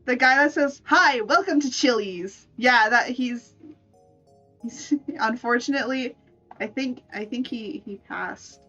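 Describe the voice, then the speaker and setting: A woman's voice: a little high, steady tone, unhurried, pushed and bright, muffled recording, soft background music. A woman streamer in playful, casual live-stream chat, laughing often. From United States.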